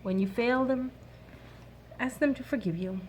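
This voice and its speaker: A woman in her thirties giving an earnest, soft-spoken faith-based advice talk to other mothers. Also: a little high, measured pace, slight background noise. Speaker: mom sharing a workshop talk.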